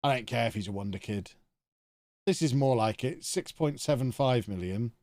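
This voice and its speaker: A man's voice: mid-range voice, expressive, moderate pace, darkish tone, no echo, clean studio sound. A man, talking to himself in chatty commentary while streaming a video game live. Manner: chatty, thinking aloud to himself.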